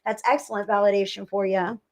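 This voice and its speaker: A woman's voice: mid-range voice, fairly even intonation, fast. A woman doing live psychic readings on a stream, chatting with viewers in a gushing, affectionate, rambling way.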